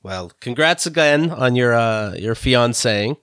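A man's voice: lively intonation, measured pace, fairly bright tone, clear, resonant tone, no room sound, studio quality. A man hosting a podcast, chatting casually and teasing his guest in a playful way. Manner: playful, teasing, swings pitch a lot. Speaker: podcast host. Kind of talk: casual chat.

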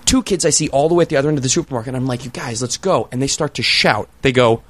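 Animated swearing man telling a story. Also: rapid-fire, few pauses. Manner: animated, acts out kids in shrill voices, swears freely. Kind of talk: comic storytelling among friends.

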